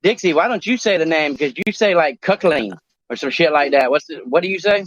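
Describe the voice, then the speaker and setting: A man co-hosting a talk show in crude casual chat, rambling and halting, swearing often. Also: on the high side, lively intonation, a bit bright, dry recording. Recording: dry, dull lo-fi sound.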